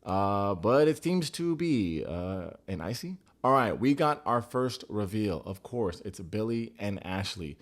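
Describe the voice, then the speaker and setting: A man with an American accent talks through reality TV episodes in a loose, casual way. His voice sits on the low side. He is quick with sarcastic jokes and swears without holding back. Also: big pitch swings. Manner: joking, sarcastic, blunt, swears freely. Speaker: TV recap reviewer. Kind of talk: casual recap commentary.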